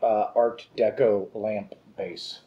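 A man's voice: fairly low pitch, level tone, takes it slowly, dull audio. A man co-hosting a whiskey and cigar review, chatting casually with dry, sarcastic humor. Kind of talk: casual chat.

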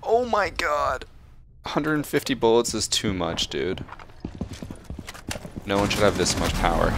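A man hosting a casual gaming session, excitable and laughing easily, swearing at the game over a headset. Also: fairly low pitch, unhurried, vocal fry, long pauses. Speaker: gaming streamer host. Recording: noisy gaming voice chat.

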